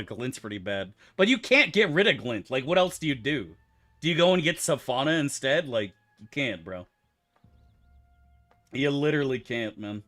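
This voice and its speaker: Man streaming a game, bright voice, animated pitch, profane rambling banter, faint music behind. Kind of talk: casual livestream chat, answering chat.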